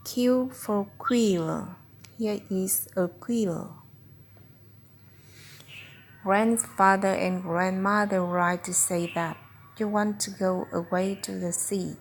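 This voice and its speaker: Very slow, gravelly woman reading phonics. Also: medium pitch, steady tone, a little hiss or hum. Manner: slow, deliberate word-by-word reading. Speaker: reading tutor. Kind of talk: slow phonics read-aloud for a child.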